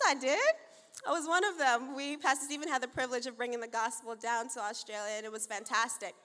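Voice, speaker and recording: Speaking in a high-ish, pushed and bright voice, a woman pastor in her thirties starts her sermon with announcements and storytelling. She's playful and chatty, laughs a lot and acts out her stories' dialogue. Long reverb from the big church auditorium fills the recording.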